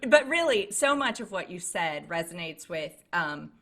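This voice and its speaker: A woman's voice: on the low side, big pitch swings, normal speed, pushed and bright. A woman hosting a podcast, chatty and playful, laughing easily as she talks. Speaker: podcast host. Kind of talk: casual podcast interview.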